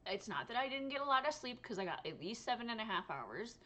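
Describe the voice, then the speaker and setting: A woman's voice: fairly high pitch, big pitch swings, fast talker, fairly bright tone, slight background noise. A tired woman talking casually to camera about her day for her crochet channel, rambling and laughing often. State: exhausted. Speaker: crochet vlogger. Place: home room.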